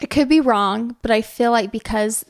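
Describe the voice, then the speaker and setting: A woman's voice: a little high, normal speed. A young woman co-hosting a parenting podcast, chatting in a rambling way with lots of "like"s and restarts. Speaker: podcast co-host. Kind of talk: casual chat about parenting.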